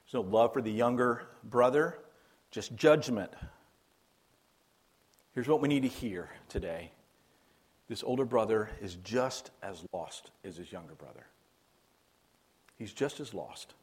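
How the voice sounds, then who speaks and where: Husky-voiced male pastor preaching. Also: on the low side, unhurried, pauses often. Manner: conversational, emphatic preaching with repeated phrases. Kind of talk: sermon.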